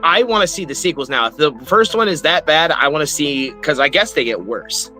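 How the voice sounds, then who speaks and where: A man co-hosting a horror movie review show in casual chat, excitable, laughing often and swearing freely. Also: on the high side, a little fast, faint music behind.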